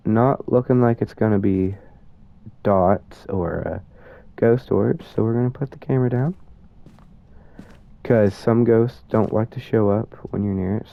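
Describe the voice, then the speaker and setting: A man's voice: lowish voice, creaky. Nervous young man narrating a scary game. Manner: nervous, self-mocking, talks to viewers. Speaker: student gamer. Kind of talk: casual game commentary. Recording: dull lo-fi sound.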